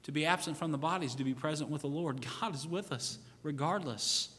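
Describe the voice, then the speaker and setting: Earnest preaching pastor in reverberant church. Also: male voice, on the high side, fairly quick, husky. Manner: earnest, repetitive pleading cadence. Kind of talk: sermon and altar call. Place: church sanctuary. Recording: reverberant church hall with soft music. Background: soft piano.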